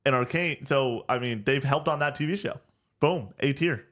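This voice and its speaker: A man's voice: medium pitch, normal speed. Guy cohosting a gaming podcast, gets hyped, trips over words, swears a lot. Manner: animated, excitable, swears, many restarts. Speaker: podcast co-host. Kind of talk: casual gaming chat.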